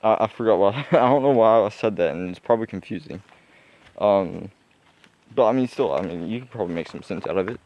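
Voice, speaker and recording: A man's voice: lowish voice, a little fast. A young man musing aloud in a casual vlog, rambling with many fillers and restarts. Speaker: vlogger. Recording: dull lo-fi sound.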